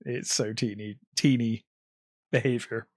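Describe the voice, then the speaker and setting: A man's voice: medium pitch, fairly even intonation, measured pace, a little mellow, no echo, clean studio sound. A man co-hosting a film podcast, retelling scenes in a casual chat with lots of ums and acted-out quotes. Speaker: podcast co-host.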